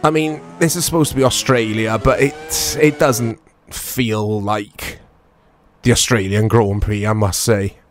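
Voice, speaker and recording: A man's voice: on the low side, steady tone, unhurried. A man giving casual, rambling commentary while playing an old racing game. He is self-deprecating and full of tag questions. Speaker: retro game reviewer. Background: background music.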